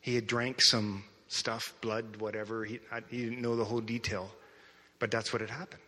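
A man's voice: medium pitch, normal speed. Pastor guy preaching casual, tells stories, echoey church hall. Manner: conversational, animated storytelling. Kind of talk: sermon with storytelling.

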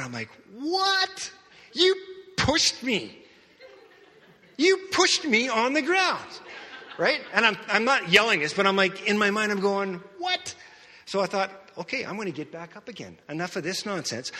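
A man preaching a sermon, telling a personal testimony in an animated storytelling way and acting out his own reactions. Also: medium pitch. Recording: long hall reverb.

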